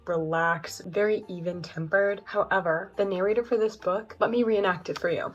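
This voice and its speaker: Young woman book vlogger, candid and chatty, mid-range voice, casual review. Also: mid-range voice.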